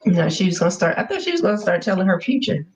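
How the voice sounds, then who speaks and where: A woman's voice: lowish voice, sing-song, very fast, darkish tone. A woman co-hosting a casual TV review, chiming in with dry, joking asides. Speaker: show co-host. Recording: dull lo-fi audio.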